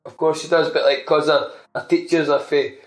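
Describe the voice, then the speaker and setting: A Scottish man co-hosting a podcast rambles through an amused anecdote in casual conversation. His voice is on the high side, steady in tone and brisk. There's a roomy echo in the recording.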